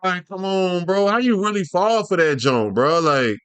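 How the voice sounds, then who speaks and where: A man's voice: high-pitched, lively intonation, moderate pace, a bit bright, clear, resonant tone, no echo. A man giving casual reaction commentary, loose, profane and joking in slang. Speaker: YouTube commentator.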